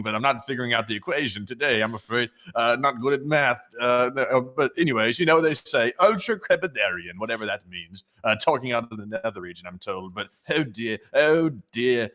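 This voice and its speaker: A man's voice: medium pitch, pushed and bright, voice pushed down. Guy doing a prim polite marmot, pompous and fussy, very proper.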